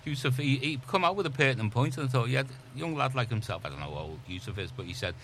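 A man's voice: medium pitch, expressive, fast talker, fairly bright tone, a little hiss or hum. A man on a radio panel, agreeing readily and pressing his own points with questions. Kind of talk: casual radio discussion.

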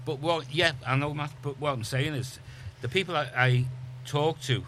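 A man's voice: on the high side, moderate pace, a bit bright, a little hiss or hum. Chatty man on radio. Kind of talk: casual radio discussion.

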